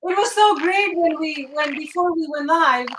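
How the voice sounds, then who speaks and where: A woman hosting a live interview over a video call, asking questions in an unhurried, encouraging way. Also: extremely high pitch. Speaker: host. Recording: loud noisy call.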